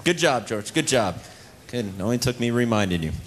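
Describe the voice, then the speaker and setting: This cruise ship talent show host, a man with a handheld mic, trades teasing jokes and playful banter with contestants in the ship's theater. He speaks at a medium pitch in an animated, brisk way.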